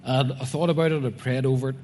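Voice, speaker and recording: A man's voice: mid-range voice, steady tone, very fast, a little mellow, a little hiss or hum. Man, Northern Irish accent, sermon, earnest conversational preaching, faint room ambience, long hall reverb. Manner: earnest, conversational, addresses the congregation directly. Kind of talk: sermon, Bible reading with commentary.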